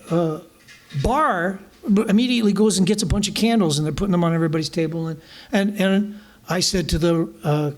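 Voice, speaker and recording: An older man, a guest musician, telling stories to a live audience in a bar, animated and often laughing. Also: high-pitched. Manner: animated, laughing, vivid storyteller.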